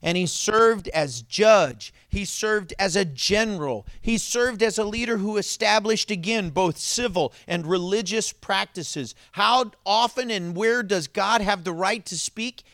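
A male pastor delivering a sermon, telling stories with laughter and dropping to a hush for emphasis. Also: high voice, measured pace, few pauses, dry recording, studio quality. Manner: animated storytelling with laughs and sudden drops to a hush.

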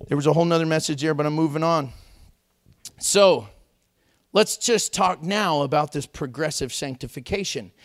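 A male pastor delivers a sermon in a high, lively voice that swoops up and down. He jokes with the congregation and acts out the people he describes. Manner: animated, joking, acts out babies and critics.

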